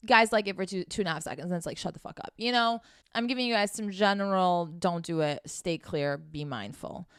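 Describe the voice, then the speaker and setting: A woman's voice: on the low side, fairly quick, fairly bright tone, clean tone, no echo, clean studio sound. Frank, profane woman giving dating advice. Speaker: dating and sex coach. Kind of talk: casual advice vlog.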